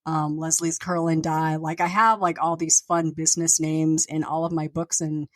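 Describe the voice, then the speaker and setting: Chatty woman, lower voice. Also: little pitch movement, normal speed, no echo. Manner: chatty, meandering, many fillers and restarts. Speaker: podcast host and author. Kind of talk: rambling casual chat.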